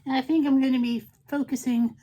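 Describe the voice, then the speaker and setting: A woman's voice: high voice, little pitch movement, brisk, mellow. Chatty, playful middle-aged woman vlogger. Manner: chatty and playful, breaks into silly sing-song bits. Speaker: beauty vlogger. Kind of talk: casual makeup vlog.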